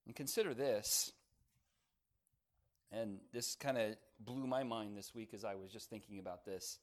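A man preaching a sermon, climbing loud on key phrases and dropping soft for emphasis, slowing down to stress words. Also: fairly low pitch, fairly even intonation. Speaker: pastor.

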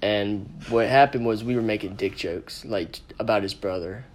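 A man's voice: lowish voice, moderate pace. A man hosting a casual podcast from a room with friends, telling a story in a blunt, rambling, profane way. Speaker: podcast host. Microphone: podcast microphone.

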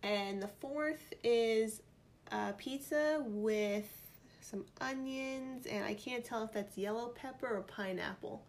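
Speaking slowly in a voice on the high side, a New York woman vlogs casually, reading out quiz choices and thinking aloud in a playful, chatty way. There's slight background noise.

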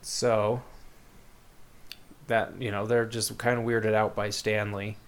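A man's voice: lowish voice, flat delivery, slow pace, smooth. A man casually retelling a story in a rambling way, with many fillers and quoted lines. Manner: rambling, laid-back, lots of fillers and quoted voices. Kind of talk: casual chat, retelling a book plot.

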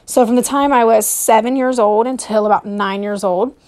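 A woman hosting a podcast, telling a personal story in a hesitant monologue with many pauses and fillers while sounding nervous and short of breath. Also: on the high side, fairly even intonation, darkish tone. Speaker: podcast host.

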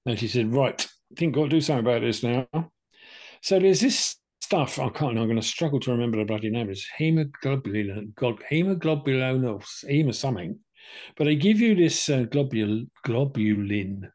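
A man's voice: mid-range voice, lively intonation, normal speed, a little mellow. Chatty older man. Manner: chatty, plain-spoken, acts out both sides of conversations. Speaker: podcast co-host telling his cancer story. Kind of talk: casual storytelling chat.

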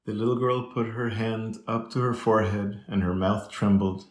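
A man with a deep voice reads a classic children's novel aloud in measured, even storytelling. The recording carries a roomy echo. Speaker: audiobook reader. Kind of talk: scripted narration.

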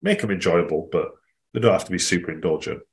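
A man, a fitness coach co-hosting a podcast, talking in a casual, animated way. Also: fast talker. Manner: animated, jumps in pitch for emphasis.

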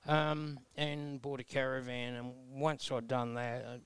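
Man, 60s, Australian accent, folksy storyteller, flat even delivery, smooth clear tone. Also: medium pitch, unhurried, no room sound. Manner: blunt, earnest, folksy with mild self-mocking humor. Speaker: guest. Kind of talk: personal storytelling interview.

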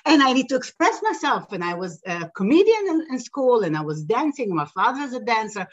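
A woman speaks as a podcast guest, a singer who tells her story in an animated way. She pauses often and fills gaps as she talks. The recording sounds slightly dull and lo-fi. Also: fairly high pitch. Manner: animated storytelling with frequent hesitations. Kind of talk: casual podcast interview.

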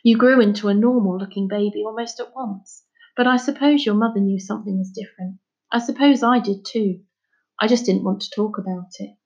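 A grieving middle-aged fisherman father, as a woman reads him aloud from a storybook, unburdening himself in slow, heavy, halting words. His voice sits at a middling pitch. The recording sounds slightly dull and lo-fi. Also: steady tone, darkish tone, breathy edge. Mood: sorrowful.

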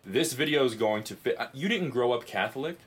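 A man hosting a podcast in casual chat, telling stories in an excitable, profane way. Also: medium pitch, fairly quick. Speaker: podcast host.

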